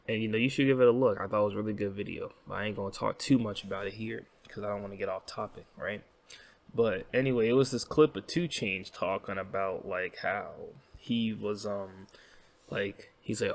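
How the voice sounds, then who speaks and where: A man's voice: lowish voice, fairly even intonation, fairly quick. A young American man hosting a casual commentary vlog, rambling and often checking in with "right?". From United States. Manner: rambling, frequent "right?", swearing. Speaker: host.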